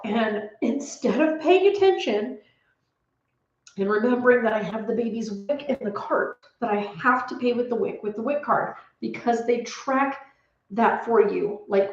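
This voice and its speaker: Woman vlogger, home office, nervous rambling storyteller near tears; roomy, slightly muffled audio. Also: fairly high pitch. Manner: anxious, rambling retelling with many restarts. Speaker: homestead vlogger. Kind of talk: casual storytelling to camera.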